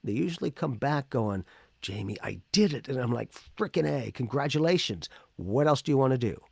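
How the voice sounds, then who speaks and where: A man with a gravelly, husky voice talks about spirituality in a casual, lively way. His pitch swings widely, and he slips into other people's voices when he quotes them. The sound is dry and close. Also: normal speed, no echo. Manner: animated, acts out quoted people. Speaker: podcast co-host.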